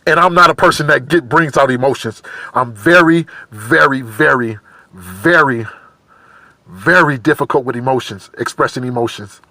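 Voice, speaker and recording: A man talking to camera in a halting, repetitive confessional monologue, emotional and searching for words. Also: mid-range voice, bright, forceful tone, dry recording. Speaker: vlogger.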